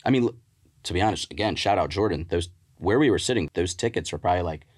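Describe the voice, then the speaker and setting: Deep-voiced fast-talking man telling stories. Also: lively intonation, slightly rough. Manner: boisterous, storytelling, laughs often. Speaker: real estate agent. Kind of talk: casual podcast chat.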